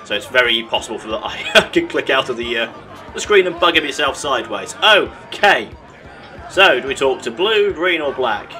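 A man with a very bright, forward voice chats through a game with dry sarcasm. Faint game music plays behind him. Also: mid-range voice, lively intonation, normal speed. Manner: chatty, sarcastic, laughs at his own mishaps. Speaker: let's play host. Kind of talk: casual gameplay commentary.

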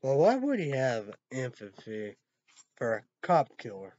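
A man rants on his own channel, cursing and jumping from one thought to the next. He lurches between loud outbursts and low mutters in a middle-pitched voice. The audio is muffled and lo-fi, with a dry, close sound. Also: huge pitch swings, a little slow, no echo. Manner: profane, rambling, swings between loud outbursts and low mumbling. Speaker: vlogger. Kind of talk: rambling solo rant.

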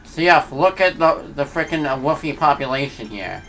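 A man with a fairly high, slightly bright voice and lively intonation streams a game at a moderate pace over faint background music. His let's-play commentary is casual and relaxed, peppered with jokes aimed at his chat.

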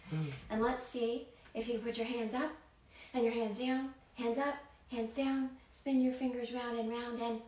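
Animated woman storyteller in an echoey room. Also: fairly high pitch, a little slow, recorded from a distance. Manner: animated, playful, talks straight to young viewers. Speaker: children's storyteller. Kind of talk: interactive children's storytelling performance. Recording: echoey room, voice heard from off-mic, faint background hiss.

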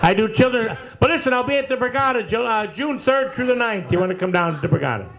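A man joking and heckling loudly at a comedy night in a bar. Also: extremely high pitch, lively intonation, quick pace.

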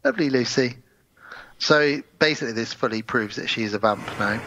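A man co-hosting a casual film review podcast, retelling scenes in an animated way and quoting characters in put-on voices. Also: mid-range voice, a little fast, a little hiss or hum, poor audio. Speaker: podcast co-host.

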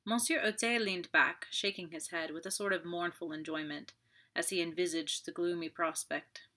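A woman reading a novel aloud as an audiobook, steady storytelling with friendly asides. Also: fairly low pitch, normal speed. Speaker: audiobook reader. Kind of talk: audiobook narration.

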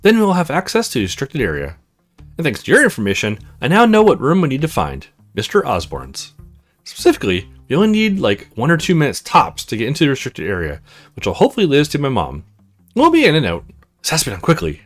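A man voicing a determined young woman in a visual novel, reading her lines in a brisk, urgent way. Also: medium pitch, wildly swooping pitch, soft background music.

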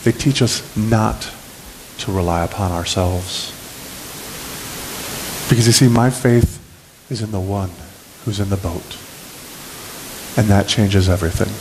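A man preaching a sermon as pastor, animated and lively, acting out the scripture scenes as he goes. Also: on the low side, unhurried, long pauses, noisy background.

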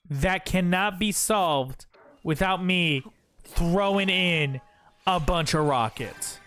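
A man streams a game live and chats to himself in a goofy, playful way. His voice sits high, and his speech is slow and unhurried while the pitch leaps around a lot. Faint music plays under him. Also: a bit bright. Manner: goofy, talks to himself and chat. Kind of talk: live gameplay commentary.

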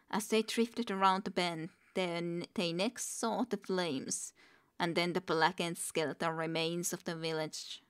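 A woman streamer slowly reading a book aloud, with wry asides between passages. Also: lowish voice, a bit bright, clean tone. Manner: unhurried, wry side comments between passages.

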